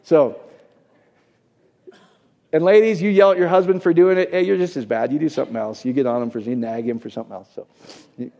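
A man's voice: fairly high pitch, fairly even intonation, a little fast, creaky, long pauses, mellow, lo-fi sound. A man preaching a casual, conversational sermon as a pastor, often checking in with his audience. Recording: echoey hall, long reverb.

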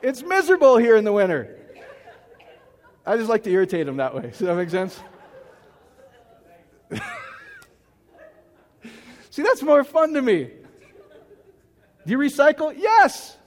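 A man's voice: very high voice, big pitch swings, measured pace, pauses often. A middle-aged male pastor giving a rambling, joking sermon, often asking the crowd if it makes sense. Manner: rambling, self-mocking, often asks the crowd. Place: church hall. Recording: hall reverb.

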